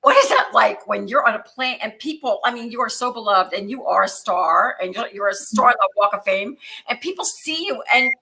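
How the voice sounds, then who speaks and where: A woman hosting an interview, effusive and full of praise, firing off questions with quick restarts. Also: on the high side, expressive, creaky, sharp tone, a little hiss or hum. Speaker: talk show host. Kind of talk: casual interview.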